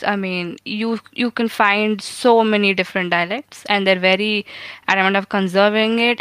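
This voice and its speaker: A woman's voice: medium pitch, clean tone, dry recording, rough recording. A woman co-hosting a podcast, chatting casually and giving firm opinions, with many "like"s and restarts. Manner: opinionated, animated, with frequent "like" and restarts. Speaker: podcast co-host. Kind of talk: casual interview conversation.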